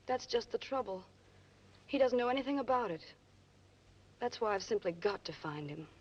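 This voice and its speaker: A woman's voice: a little high, lively intonation, moderate pace, slightly rough. An actress playing a desperate young mother in a 1930s film, speaking urgently and pleading. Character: desperate young mother hiding her baby. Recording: dull old film soundtrack with hiss.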